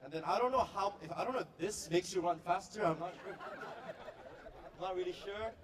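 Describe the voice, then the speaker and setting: A man performing stand-up comedy at a staff party, telling stories with quick, playful delivery and deadpan punchlines. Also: high-pitched, far from the mic, a crowd in the background. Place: party venue before a live audience.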